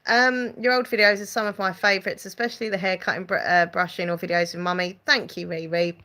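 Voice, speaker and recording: A woman's voice: fairly low pitch, steady tone, fast, pushed and bright. A woman hosting a casual live-stream chat, giggling often and reading out viewer comments. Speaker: channel host chatting with live viewers.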